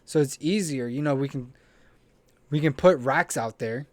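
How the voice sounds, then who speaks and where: A man's voice: mid-range voice, moderate pace, a little mellow, dry recording. A young man co-hosting a podcast, chatting casually and venting about his job with lots of swearing. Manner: profane, blunt, venting. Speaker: podcast co-host. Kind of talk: casual chat.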